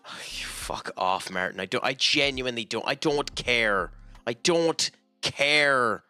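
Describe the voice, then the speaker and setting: A man's voice: mid-range voice, normal speed, pushed and bright, soft background music. A man with an Irish accent giving casual, profane commentary while playing a game, ranting in exasperation. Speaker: gaming channel host.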